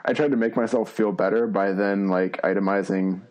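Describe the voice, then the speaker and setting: A man's voice: on the low side, steady tone, moderate pace, darkish tone, low-quality recording. A man in casual chat, self-deprecating and rambling.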